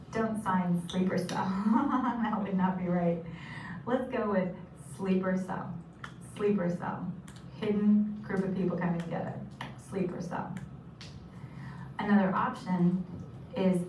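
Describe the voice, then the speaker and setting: A woman teaching sign language vocabulary, patiently saying each term and repeating it. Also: lowish voice. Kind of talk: instructional explanation. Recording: echoey room from a distance with noise.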